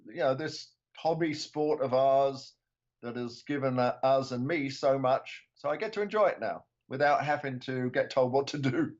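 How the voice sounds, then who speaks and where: A man's voice: medium pitch, normal speed. An older man from England, a podcast guest chatting casually with frequent ums and restarts. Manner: relaxed, hesitant with many ums. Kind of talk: casual chat. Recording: slightly muffled podcast audio.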